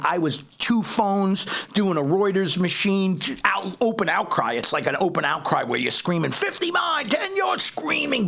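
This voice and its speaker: Middle-aged New man, husky and gravelly, animated storyteller who acts out the dialogue. Podcast co-host. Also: fairly high pitch. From Staten Island, New York. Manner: animated, acts out quoted dialogue, frequent restarts. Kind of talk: casual storytelling.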